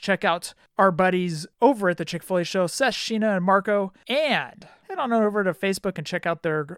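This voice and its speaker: Smooth-voiced male podcast host. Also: sits high, a bit bright, no echo, clean studio sound. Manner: friendly, laughs often. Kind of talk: casual podcast chat.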